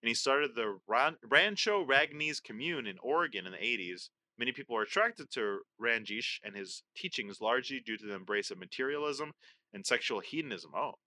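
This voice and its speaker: A man's voice: mid-range voice, expressive, a little fast, sharp tone. A man co-hosting a casual podcast quiz, reading clues aloud, swearing and joking. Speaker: podcast co-host.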